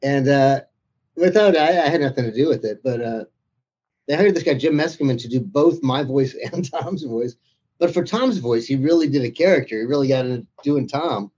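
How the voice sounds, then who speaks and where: Author guest: man, warm husky voice, chatty anecdotes with laughs, dull lo-fi audio. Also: medium pitch, moderate pace. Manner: chatty storyteller, laughs through his anecdotes. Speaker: author being interviewed. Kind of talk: anecdotal interview conversation.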